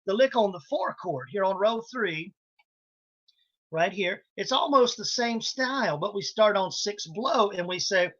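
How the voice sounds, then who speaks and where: A man's voice: high-pitched, expressive, a little slow, fairly bright tone. Male harmonica teacher on a lo-fi call. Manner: casual, explains step by step and counts in the band. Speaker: harmonica instructor. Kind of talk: live online music lesson. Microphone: video call.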